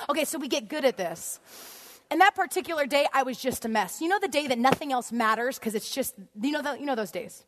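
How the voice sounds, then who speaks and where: A woman preaches to a church crowd in a storytelling way, laughing often and acting out the people in her story. Her voice sits a little high. The sound rings with the long echo of a big hall. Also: fast talker. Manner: animated, laughs often, acts out scenes. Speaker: guest speaker. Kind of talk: storytelling sermon. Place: church auditorium.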